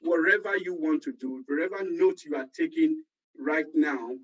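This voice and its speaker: A man's voice: on the high side, normal speed, a bit bright. A man giving a motivational conference talk, telling stories and repeating phrases for emphasis. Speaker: conference speaker. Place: conference hall. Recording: muffled, distant conference recording.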